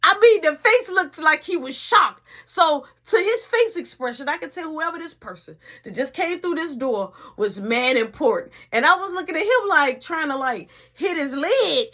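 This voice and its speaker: A woman telling a dramatic story in a casual, animated storytime manner. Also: sits high, moderate pace, hardly any pauses. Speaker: vlogger.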